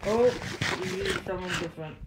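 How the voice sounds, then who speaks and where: Echoey, noisy gaming co-host. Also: male voice, high-pitched, quick pace. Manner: explains game mechanics, shouts at the screen. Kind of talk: casual gameplay chat. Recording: echoey, very noisy game-chat audio.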